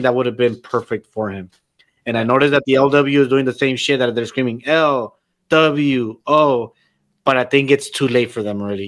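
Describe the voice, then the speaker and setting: A man of ordinary pitch hosts a loose, profane podcast chat about wrestling. He gets excitable as he goes and drops Spanish phrases into his English. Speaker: podcast host. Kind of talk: casual chat.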